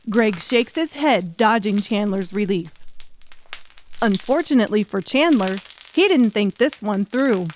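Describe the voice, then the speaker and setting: A woman's voice: on the high side, a little hiss or hum. A woman narrating an audiobook in a wry, crude comic storytelling manner.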